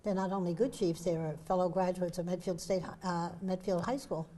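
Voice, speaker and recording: A woman's voice: on the low side, fairly even intonation, fairly quick, warm tone. Chatty older woman hosting local TV. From Philadelphia area. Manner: chatty, anecdotal. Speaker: host. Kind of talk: casual local TV interview.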